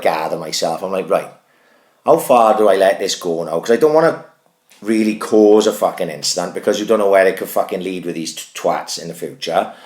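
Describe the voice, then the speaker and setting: Telling a rambling, foul-mouthed story to his podcast co-host, a low-voiced man in his thirties keeps things lively and conversational, peppered with "right?" and swearing. The recording sounds roomy and echoey.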